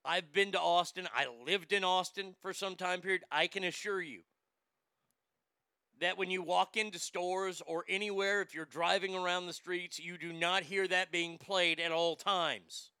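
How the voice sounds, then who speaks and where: A man's voice: high-pitched, steady tone, normal speed, bright, forceful tone, clear, resonant tone, no room sound, studio quality. A man hosting a sports show, delivering a profane, ranting monologue and stammering over repeated words.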